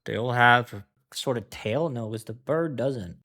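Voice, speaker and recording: A man's voice: mid-range voice, measured pace, music in the background. A young man from Denmark, joking and swearing casually while reacting to a cartoon. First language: Danish. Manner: chatty, joking, swears often, laughs a lot. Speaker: reaction video host.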